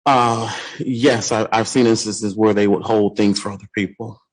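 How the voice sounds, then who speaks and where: A man with a fairly low voice testifies as a deputy at a hearing. He answers formally, often with "yes, sir", and hesitates and restarts as he searches for words. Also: fairly even intonation, normal speed, slightly rough, poor audio. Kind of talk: courtroom testimony.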